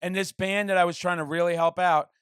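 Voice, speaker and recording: A man's voice: high voice, steady tone, fairly bright tone, clean tone, no echo, studio quality. A man hosting a podcast, talking in heated, swear-filled rants during casual chat. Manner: profane, heated, fast-flowing rants. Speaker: podcast host.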